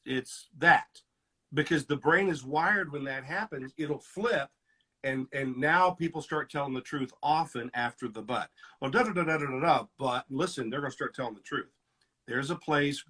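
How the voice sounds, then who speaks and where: A man's voice: mid-range voice, moderate pace, husky. A middle-aged man, a counselor, explaining relationship patterns in conversation and acting out the lines people say in a fight. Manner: animated, acts out quoted lines with shifts in loudness. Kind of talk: teaching conversation.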